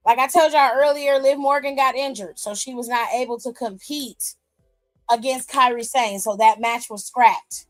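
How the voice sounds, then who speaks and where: A woman's voice: a little high, no room sound, rough recording. Blunt, profane woman host. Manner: blunt, profane, animated ranting. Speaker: wrestling aftershow host. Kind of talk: casual commentary. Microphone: streaming microphone.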